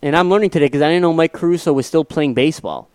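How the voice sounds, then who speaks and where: Smooth-voiced man with a Chicago accent. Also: a little high, darkish tone, dry recording. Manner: laid-back, self-deprecating, halting restarts. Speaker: podcast co-host. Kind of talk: casual sports talk.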